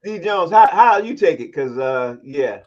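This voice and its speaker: A man's voice: on the high side, animated, moderate pace, darkish tone. A man hosting a casual sports talk panel, steering the talk and calling on each guest by name. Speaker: host. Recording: dull lo-fi audio.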